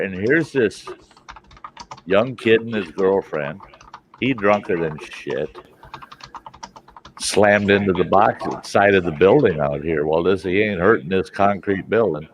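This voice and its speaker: Gruff, profane storyteller with a low voice. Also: male voice, slight background noise. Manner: animated storyteller acting out voices, profane, laughing often. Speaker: host. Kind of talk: casual storytelling on a live stream. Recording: dull lo-fi stream audio.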